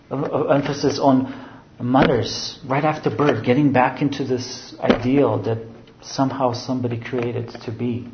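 A man's voice: medium pitch, slight background noise. A man preaching a sermon who explains scripture and keeps restating his phrases. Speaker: pastor. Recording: roomy, dull sound.

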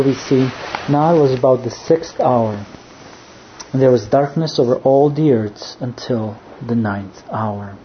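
A man preaching a sermon, earnest in tone, dropping to a hush when he quotes. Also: medium pitch. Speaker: pastor. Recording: dull lo-fi sound, faint background noise.

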